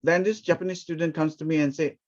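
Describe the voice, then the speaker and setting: A man, teaching a ministry training session through lively stories and acted-out quotes. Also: fairly high pitch, fast. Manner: animated, acts out quoted speech. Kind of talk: storytelling teaching talk. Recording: dull, muffled recording.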